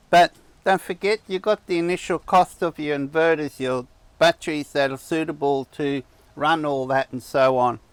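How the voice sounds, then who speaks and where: A man talks casually to camera at an outdoor campsite. His voice is smooth and clear, a touch higher than most men's, and sounds dry with no echo. He rambles and restarts his sentences like a friendly host. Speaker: camping channel host. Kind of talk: casual vlog chat. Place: outdoor campsite on a cattle property.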